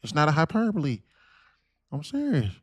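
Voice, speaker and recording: A man's voice: a little high, huge pitch swings, moderate pace, husky, no echo, studio quality. A man streaming live day trading, talking casually and laughing as he reads chat aloud. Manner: laid-back, chuckling, reads chat aloud.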